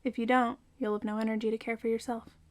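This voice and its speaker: A woman reading the lines of a young woman with storm powers who swings between quiet brooding and yelling outbursts. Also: fairly high pitch, flat delivery, quick pace, lightly acted. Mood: somber.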